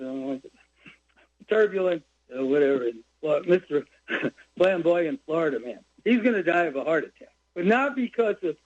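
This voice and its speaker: An older man calling in to a radio show, talking in a rambling, heated way that jumps from topic to topic. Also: high-pitched. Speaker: caller. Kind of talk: call-in radio rant. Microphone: phone line. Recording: dull lo-fi phone call.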